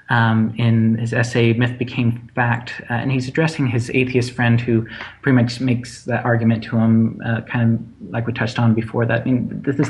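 A man's voice: mid-range voice, a little hiss or hum, low-quality recording. A man who is a playwright, speaking in a casual conversation as a guest, often restarting and repeating words.

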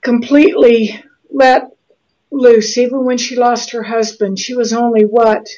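A middle-aged woman from Utah talks slowly and earnestly, stopping and restarting her sentences. Her voice sits a little high. The audio is slightly dull and lo-fi. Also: little pitch movement, dark tone. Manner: slow, earnest, halting with restarts. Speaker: guest author. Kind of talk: interview conversation.

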